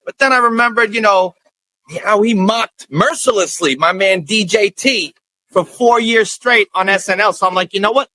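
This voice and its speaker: A man's voice: moderate pace, sharp tone, no echo, poor audio. A male comedian telling a story in an interview, theatrical, acting out the voices of other people. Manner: theatrical, acts out voices with big pitch jumps. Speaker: comedian and impersonator guest.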